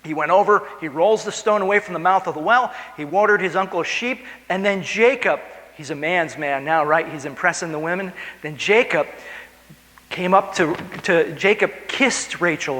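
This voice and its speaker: A man's voice: high voice, normal speed, sharp tone, long reverb tail, rough recording. A male pastor preaching a conversational sermon in a church, retelling a story and often checking in with "right?". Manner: conversational, keeps asking "right?"; acts out the story in character voices. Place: church sanctuary.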